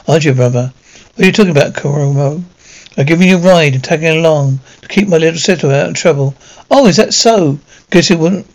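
A man's voice: on the high side, poor audio. A man reading an anime episode script aloud. He reads the stage directions and all the parts in one plain voice and often stumbles over words. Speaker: script reader.

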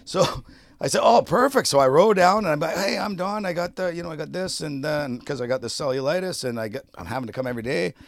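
Casual male podcaster, animated and profane, tells a story with laughs. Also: a little high, fast talker, creaky, no room sound, studio quality. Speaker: podcast co-host.

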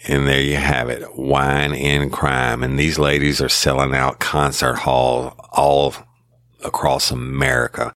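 Very deep, flat-voiced man. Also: a little slow, clear, resonant tone, no room sound, studio quality. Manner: drawling, folksy, uses y'all. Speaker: podcast host. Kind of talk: casual podcast talk.

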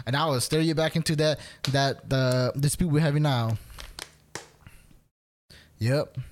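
Male podcast co-host, higher-pitched, animated storyteller, acts out both sides, laughs a lot. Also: measured pace, slight background noise. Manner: laughs often, swears casually. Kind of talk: casual chat.

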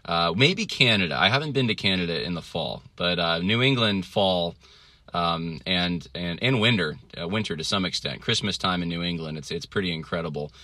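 A man's voice: low voice, lively intonation, moderate pace, bright, forceful tone, no echo. A man hosting a podcast, talking casually in a rambling way with many fillers and restarts. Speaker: podcast host. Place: traveling, indoors.

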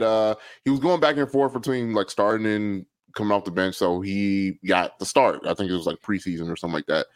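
A man's voice: lowish voice, clean tone, dry recording. A man co-hosting a casual sports podcast, telling stories with lots of laughter and acted-out quotes. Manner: animated, laughs often, acts out quotes. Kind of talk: casual chat, storytelling.

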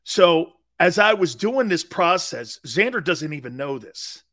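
A male sports talk host tells a meandering story in loose, chatty fashion. His voice sits a touch higher than most men's. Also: very animated, unhurried, sharp tone. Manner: rambling anecdotal storytelling. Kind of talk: casual live talk show monologue.

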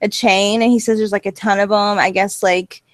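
A woman's voice: medium pitch, moderate pace, no room sound. A woman co-hosting a casual chat, talking loosely with lots of fillers. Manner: relaxed, filler-heavy talk. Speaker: podcast co-host.

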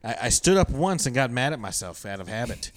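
A man co-hosting a podcast, chatting casually with a deadpan, teasing delivery. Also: medium pitch, fairly quick. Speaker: podcast co-host. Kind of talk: casual crude chat.

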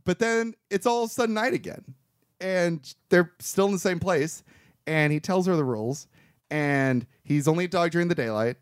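A man's voice: sits high, normal speed, clear, resonant tone, no echo, studio quality. A man co-hosting a podcast, casually recapping a bad movie's plot and laughing often. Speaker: podcast co-host.

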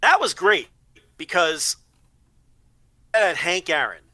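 A man's voice: high-pitched, big pitch swings, slow pace, bright, forceful tone, dry recording. A man on a podcast, chatting casually and rambling, repeating words as he thinks. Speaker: podcast co-host. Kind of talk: casual chat.

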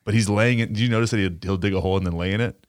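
A man's voice: on the low side, fairly even intonation, rapid-fire, no echo, clean studio sound. A man co-hosting a podcast in casual chat, telling loose, rambling stories with plenty of swearing. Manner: rambling, profane storytelling. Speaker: podcast co-host.

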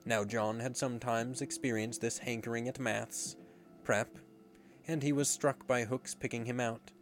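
A man reading a storybook aloud in a measured, expressive way. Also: medium pitch, soft background music. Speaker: narrator.

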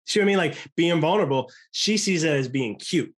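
Earnest rambling American man, slightly high voice. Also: fairly quick. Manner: rambling, earnest, many restarts. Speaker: podcast guest. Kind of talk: casual conversation.

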